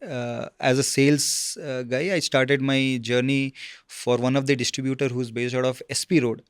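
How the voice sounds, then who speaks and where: A man, a guest telling his career story in a casual interview, halting with many fillers and "okay?" check-ins. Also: mid-range voice, level tone, clean tone, no room sound, studio quality.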